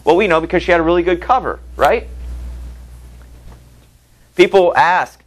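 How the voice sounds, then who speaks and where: Speaking at normal speed with frequent pauses, a high-voiced male teacher reads passages aloud during a literature lecture. He asks his class rhetorical questions in a conversational way, captured on a low-quality recording.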